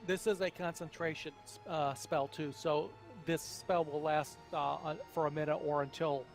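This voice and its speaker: A man playing a tabletop game, deliberately explaining how his abilities work. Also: a little high, fairly even intonation, vocal fry, faint music behind. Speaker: player. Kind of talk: casual tabletop game play.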